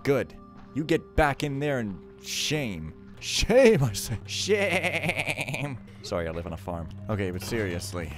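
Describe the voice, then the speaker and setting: A man's voice: deep voice, moderate pace, faint music behind. A man giving casual, joking, rambling commentary while playing a stealth game, mocking himself as he goes. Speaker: let's play commentator.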